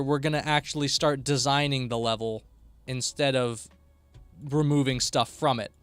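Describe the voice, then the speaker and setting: A man's voice: mid-range voice, fairly even intonation, moderate pace, smooth, no room sound, soft background music. A tired man chatting casually on a live stream while building a game, often mumbling to himself.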